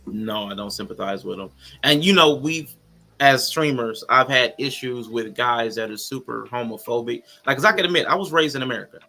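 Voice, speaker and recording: Earnest bright-voiced man. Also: medium pitch, fairly quick. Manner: earnest, reflective, explains his feelings. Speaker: guest streamer. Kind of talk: casual live-stream chat.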